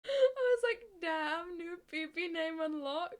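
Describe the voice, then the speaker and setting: A woman's voice: very high-pitched, measured pace, a bit bright. A woman livestreamer chatting casually with her chat, laughing often and swearing freely.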